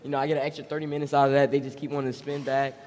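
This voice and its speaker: A male actor and streamer speaking on a live panel in a relaxed, matter-of-fact way. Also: medium pitch, racing. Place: large event hall. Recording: hall reverb, faint noise.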